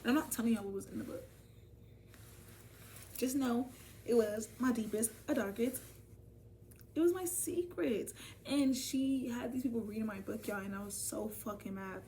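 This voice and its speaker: A woman's voice: a little high, moderate pace. Young woman ranting through a storytime, cussing, talking to y'all, mic kinda far off. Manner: animated, profane, addresses viewers as y'all. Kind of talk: casual storytime vlog. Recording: voice from off the mic, faint ambient noise.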